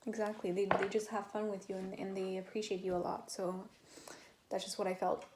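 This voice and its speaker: A woman's voice: medium pitch, level tone, brisk, a little mellow, slight background noise. A woman giving a casual tarot reading to her viewers, chatty and rambling, with many fillers and restarts. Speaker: tarot reader.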